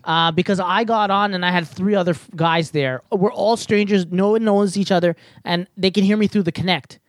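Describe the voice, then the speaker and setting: A man's voice: sits high, fairly even intonation, a little fast, dry recording. A man in a casual gaming chat, explaining things at length with lots of "like" and "you know.".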